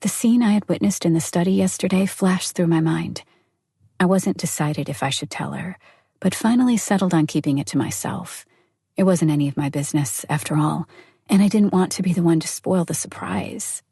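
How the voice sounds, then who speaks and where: Mellow, breathy woman narrating an audiobook. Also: lowish voice, moderate pace, no echo, studio quality. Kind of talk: first-person audiobook narration.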